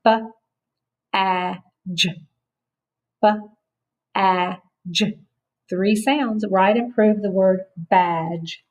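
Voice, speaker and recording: A woman teaching a phonics lesson to children, speaking clearly and encouragingly as she sounds out words. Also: medium pitch, slow pace, dark tone, dull audio.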